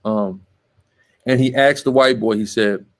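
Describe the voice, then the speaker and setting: A man's voice: mid-range voice, fairly even intonation, measured pace. Emphatic man teaching a Bible class. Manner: emphatic, tags statements with "right?"; scolding, directs the reader.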